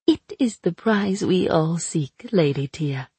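A woman voicing a cruel, sly chained sorceress who mocks her captor in a slow, drawn-out way. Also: lowish voice, expressive, mellow, husky, no echo, heavily acted. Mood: taunting. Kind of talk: audiobook character voice.

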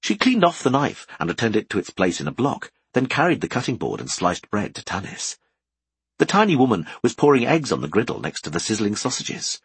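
A man narrating a fantasy audiobook with expressive storytelling. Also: on the low side, a little fast, slightly rough, no room sound.

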